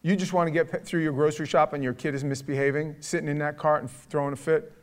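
A middle-aged man leading a casual parenting talk to a group, telling stories in a lively, animated way. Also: fairly high pitch, fast.

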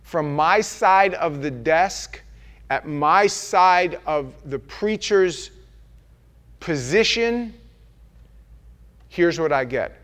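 A man's voice: on the high side, lively intonation, drawn-out words, pauses often, fairly bright tone. A man preaching a sermon in church, earnest and conversational, acting out the voices he quotes.

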